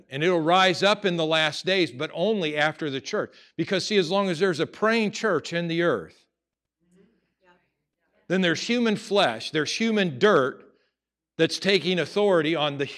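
A man preaching a sermon, conversational at times and rising to loud, emphatic stretches. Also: on the high side, lively intonation, measured pace. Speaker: pastor.

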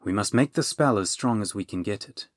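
A man's voice: lowish voice, lively intonation, fairly quick, dry recording, studio quality. A man voicing an elderly mother dragon who speaks in a firm, commanding way.

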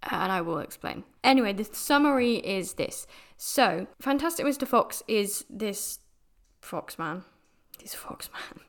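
A woman's voice: medium pitch, lively intonation, moderate pace. A young British woman from the UK hosting a podcast, talking casually about a film in a chatty, rambling way. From United Kingdom. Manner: chatty and rambling, with many restarts and fillers. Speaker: podcast host.

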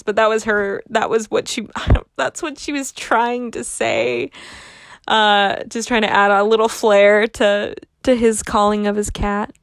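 A woman's voice: medium pitch, fairly bright tone, dry recording, studio quality. A young adult woman hosting a casual solo podcast, rambling and joking at her own expense. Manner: rambling, self-mocking humor. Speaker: podcast host.

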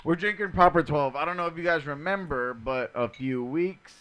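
A man co-hosting a podcast in casual chat, loud, profane and joking. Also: fairly high pitch, moderate pace. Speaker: podcast co-host.

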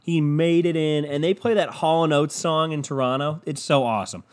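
A man hosting a podcast, ranting casually with constant swearing and a loud, animated delivery. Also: a little high, moderate pace. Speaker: podcast host.

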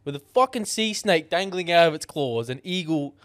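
A young Australian man co-hosting a podcast, telling animated stories full of swearing in casual chat. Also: fairly high pitch, normal speed, dry recording. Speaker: podcast co-host.

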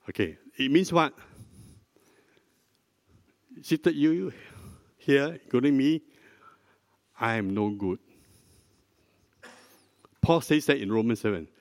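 An older man preaches a sermon in a slightly raised voice, teaching at an unhurried pace and drawing the congregation in with questions. His voice is close and dry on the mic, with a long hall reverb trailing behind it in the church. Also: fairly high pitch, expressive. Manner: slow, deliberate teaching, prompting the congregation with questions. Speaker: pastor.

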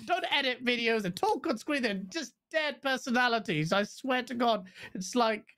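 A woman co-hosting a gaming podcast, talking bluntly in casual chat, swearing freely and jumping into high mocking quotes of other people. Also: moderate pace, a bit bright. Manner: blunt, profane ranting. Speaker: podcast co-host.

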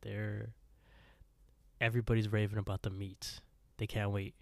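A man's voice: on the low side, moderate pace, gravelly, no room sound. A man co-hosting a podcast, casually retelling a horror story and acting out characters' lines. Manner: relaxed storyteller acting out lines, laughs often. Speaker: podcast co-host.

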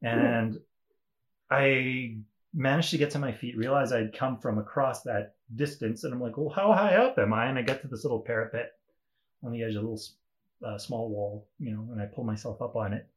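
Young man guest, loose and lively, drops curses, laughs through his own anecdotes, mid-range voice. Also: mid-range voice, moderate pace. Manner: animated storyteller, swears freely, laughs often. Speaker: podcast guest. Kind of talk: casual storytelling chat.

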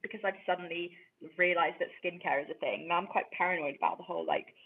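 A woman's voice: on the low side, fairly even intonation, fast, gravelly, a little hiss or hum. A young woman co-hosting a podcast, chatting casually in a playful, self-deprecating way and exaggerating for laughs. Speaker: podcast co-host. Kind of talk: casual chat. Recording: tinny phone-line sound.

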